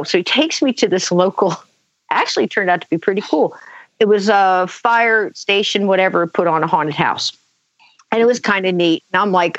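A woman's voice: mid-range voice, moderate pace, no echo. Middle-aged woman telling a story on a show, lots of laughing, dull dry recording. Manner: animated, laughs often, acts out her own quotes. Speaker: guest. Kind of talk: casual storytelling on a talk show.

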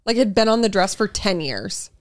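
A woman co-hosting a podcast, teasing and reacting quickly, laughing often. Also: medium pitch, expressive, no room sound, studio quality. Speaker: podcast co-host. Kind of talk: casual chat.

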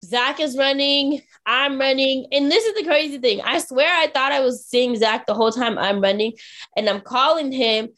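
High-voiced woman telling a story. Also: moderate pace. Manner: animated, acts out quotes from others. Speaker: podcast co-host. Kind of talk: casual storytelling chat.

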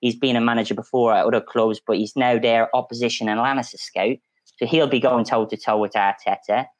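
A man's voice: mid-range voice, a little fast, dry recording, poor audio. A man on a football podcast panel telling a long story in a casual, chatty way with frequent restarts. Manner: storytelling, animated, many restarts.

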